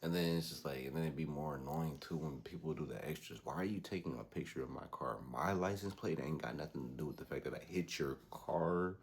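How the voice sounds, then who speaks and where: A young man hosting a podcast, telling a story casually in slangy, animated talk and imitating the people he quotes. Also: extremely low pitch, brisk, hardly any pauses. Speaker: podcast host.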